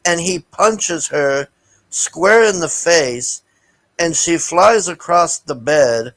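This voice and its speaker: A man's voice: a little high, slow, fairly bright tone, dry recording, poor audio. A man giving a casual, rambling movie review, blunt and profane, with lots of fillers and restarts. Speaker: vlogger reviewing a film.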